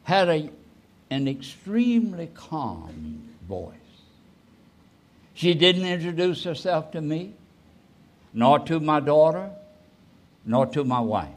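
A man in his eighties, a pastor telling a personal story in a sermon, rising suddenly and trailing off softly. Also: a little high, very animated. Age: 80s. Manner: slow, with sudden rises and soft trailing endings.

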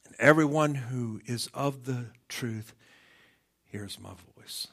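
A middle-aged man preaching a sermon, asking rhetorical questions, swinging from shouted climaxes down to hushed near-whispers. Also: medium pitch, slow, vocal fry. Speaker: pastor.

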